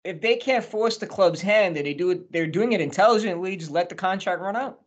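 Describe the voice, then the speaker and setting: A man's voice: high voice, a little fast, dull audio. A man co-hosting a podcast, rambling and joking about football with plenty of swearing. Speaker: podcast co-host. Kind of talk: casual chat about football.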